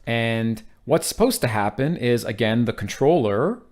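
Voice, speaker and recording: A man's voice: mid-range voice, expressive, a little slow, darkish tone. Rambling, jokey man explaining tech. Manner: rambling, jokey, with sound effects and asides. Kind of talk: casual whiteboard tutorial.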